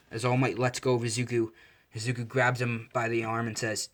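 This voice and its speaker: A man's voice: medium pitch, level tone, fast, fairly bright tone. Casual man telling a fan story. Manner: casual, self-correcting. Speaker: narrator.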